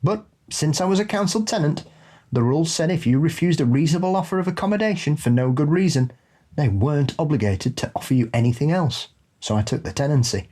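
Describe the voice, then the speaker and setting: Husky-voiced male co-host reading ghost stories aloud, dry and unhurried. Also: on the high side, lively intonation, mellow. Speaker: podcast co-host. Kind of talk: casual chat and reading listener stories.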